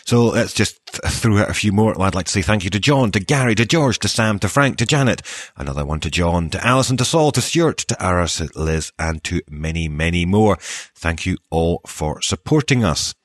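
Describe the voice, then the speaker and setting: A man hosting a podcast who chats in a light, good-humoured way and rattles off quick lists of thanks. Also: deep voice, lively intonation, no echo. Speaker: podcast host and newsreader. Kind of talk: casual podcast sign-off.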